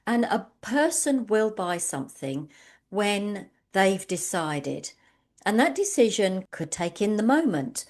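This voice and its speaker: A woman's voice: medium pitch, darkish tone. A woman speaks in an ordinary mid-range voice, presenting an online business session. She talks conversationally, drifting into personal anecdotes and padding her thoughts with ums. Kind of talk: webinar presentation.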